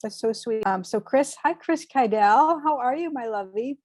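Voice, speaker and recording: A woman hosting a spiritual show, giving medium readings in an animated, gushing way with lots of fillers. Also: a little high, moderate pace, dry recording. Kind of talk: spiritual reading, casual chat.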